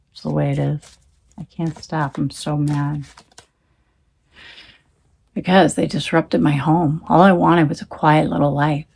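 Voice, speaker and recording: A woman's voice: sits low, creaky, darkish tone, slightly rough. A woman talking into her phone in a rambling, emphatic monologue, swearing when she gets heated. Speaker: tarot reader.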